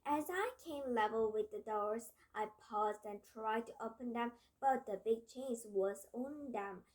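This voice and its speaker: A woman's voice: a little high, a little mellow. A woman reading a children's novel aloud in an earnest tone, with small stumbles and restarts. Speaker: reader. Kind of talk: storybook read-aloud.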